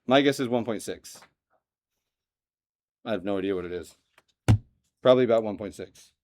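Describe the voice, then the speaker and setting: A man's voice: fairly low pitch, normal speed, a little hiss or hum. Guy teaching math in a classroom, chatty, pokes fun at himself, keeps asking questions. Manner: lively, asks students questions, self-joking. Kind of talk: classroom lecture.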